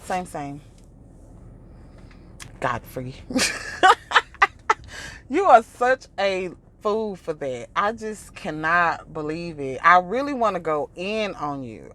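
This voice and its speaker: A woman's voice: deep voice, a bit bright, slight background noise. A woman vlogger ranting casually in an exasperated, mocking tone, laughing often and breaking into quoted impressions. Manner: imitates others in quoted asides. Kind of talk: casual reaction rant.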